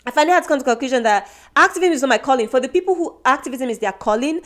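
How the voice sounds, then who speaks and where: Woman from Nigeria, podcast co-host, casual chat, earnest and reflective, fairly high pitch. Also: lively intonation, racing, a bit bright. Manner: earnest, self-reflective, many restarts.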